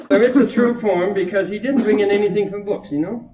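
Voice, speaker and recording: A man's voice: high-pitched, brisk, very noisy. A man, a poet from Minnesota, chatting to an audience at a reading and retelling a small child's stories with amusement. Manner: chatty and amused, laughing between anecdotes. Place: college hall before an audience. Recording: roomy echo, distant mic, old reel-to-reel tape.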